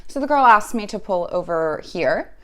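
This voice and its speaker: A woman giving a casual fan reaction, telling a story in a wry, profane, animated way. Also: medium pitch, moderate pace. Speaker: sports fan vlogger.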